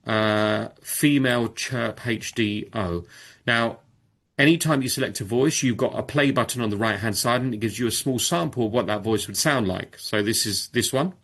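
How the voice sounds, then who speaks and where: A man casually presenting on a video call, demonstrating software and thinking aloud, with frequent fillers and restarts. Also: mid-range voice, moderate pace. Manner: informal, with many fillers and restarts. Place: home or office on a video call. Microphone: video call microphone.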